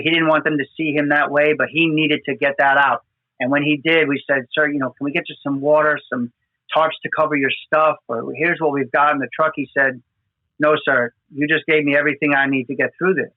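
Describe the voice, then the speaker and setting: A man tells emotional field stories in an earnest, halting way, his voice sitting a bit high. The audio is narrow and phone-like, dry with no room sound. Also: level tone, dry recording. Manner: earnest, emotional storytelling with many fillers. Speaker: podcast host, FDNY firefighter. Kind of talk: conversational storytelling.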